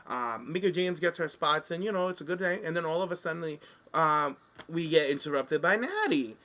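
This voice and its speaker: A man's voice: a little high, moderate pace. A man co-hosting a casual talk show, animatedly recapping wrestling matches and acting out what people said. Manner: animated, sassy, acts out quotes. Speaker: podcast co-host.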